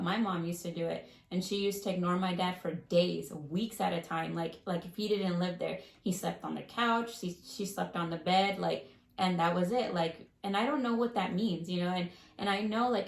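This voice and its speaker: A woman's voice: fairly low pitch, vocal fry, reverberant, low-quality recording. A woman co-hosting a casual relationship advice podcast, talkative and full of fillers, often acting out quoted arguments. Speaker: podcast co-host.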